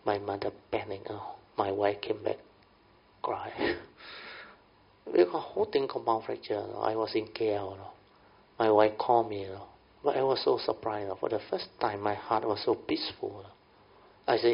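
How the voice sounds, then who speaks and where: A man's voice: lowish voice, unhurried, vocal fry, breathy edge. A middle-aged man with a Malaysian English accent giving a folksy Buddhist Dhamma talk. He keeps checking in with his listeners by asking whether they understand. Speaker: Buddhist teacher. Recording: dull lo-fi recording.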